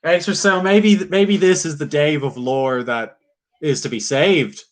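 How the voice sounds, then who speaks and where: A man's voice: on the high side, slow. A young man casually chatting with his viewers on a livestream, swearing freely and musing aloud while he carves.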